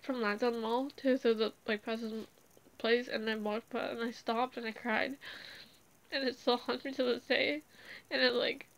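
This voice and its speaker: A woman's voice: on the high side, fairly even intonation, normal speed, gravelly, low-quality recording. A woman speaking off the cuff about her family and her past, rambling with restarts and fillers, emotional and close to tears in places. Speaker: speaker sharing a personal story. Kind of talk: unscripted personal talk.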